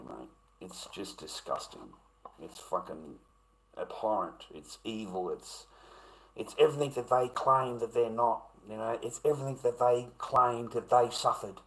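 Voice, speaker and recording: A man's voice: on the low side, a bit bright, poor audio. A man ranting bluntly and profanely at his live-stream chat. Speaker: livestreamer.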